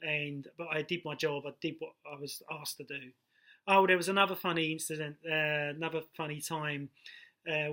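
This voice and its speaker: A man's voice: on the high side, pushed and bright. A middle-aged man from London telling swear-laced stories about his time as a doorman in a casual, rambling way. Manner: chatty, swears freely, drifts between stories. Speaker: personal trainer, former doorman. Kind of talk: casual storytelling to camera.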